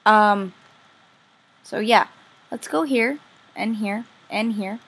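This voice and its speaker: A woman commenting casually on her own game play as a vlogger, chatty and easily excited, gushing over what she finds. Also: medium pitch, takes it slowly, slightly rough. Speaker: gaming vlogger.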